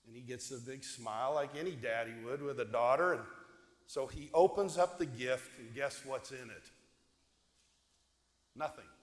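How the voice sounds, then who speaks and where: A man's voice: mid-range voice, moderate pace, pauses often. Male deacon, conversational homily, asks the pews questions, long church reverb. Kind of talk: homily, storytelling. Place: church sanctuary. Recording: echoey church hall.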